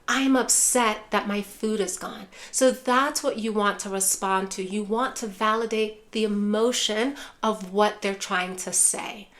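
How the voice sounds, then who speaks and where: A woman's voice: mid-range voice, steady tone, measured pace, few pauses. A woman teaching caregivers how to talk with loved ones who have dementia, speaking in a reassuring way and often calling her viewers care partners. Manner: acts out caregiver phrases softly. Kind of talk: direct-to-camera teaching.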